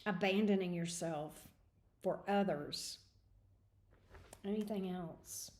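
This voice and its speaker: A woman's voice: lowish voice, slow pace, darkish tone, reverberant, a little hiss or hum. A woman giving tarot readings on a livestream, thinking aloud in a hesitant, rambling way. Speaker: tarot reader. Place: home room at a desk.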